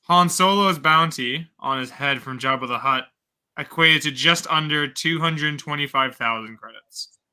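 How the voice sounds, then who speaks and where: A man's voice: fairly high pitch, measured pace, sharp tone, clear, resonant tone. A man co-hosting a casual review chat, jokey, tossing in trivia and laughing often. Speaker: co-host.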